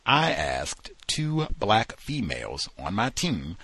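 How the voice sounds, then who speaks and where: A man's voice: slow pace, husky, dry recording. A man hosting a call-in show, reading listener emails aloud and inviting callers. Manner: reads emails aloud in a low, relaxed voice. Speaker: radio show host.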